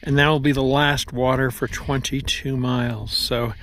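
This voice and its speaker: A man vlogging a long-distance hike outdoors on a mountain trail, talking in a rambling way with pauses and restarts. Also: mid-range voice, level tone, fairly bright tone, slight background noise. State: out of breath. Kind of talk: trail vlog.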